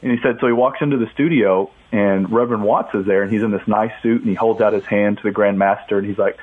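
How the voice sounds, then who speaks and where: A man tells a story at a brisk clip as a guest on a radio talk show, lively and acting out what people said. His voice comes through a thin, tinny phone line. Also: fairly low pitch. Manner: animated storyteller, acts out quotes. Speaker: author and guest. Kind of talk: casual radio interview storytelling.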